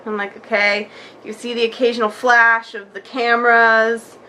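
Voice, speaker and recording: A young woman vlogger telling a story in a chatty, animated way, acting out what people said. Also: fairly high pitch, normal speed, slight background noise. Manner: chatty, animated, acts out quotes with many likes. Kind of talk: casual storytelling vlog.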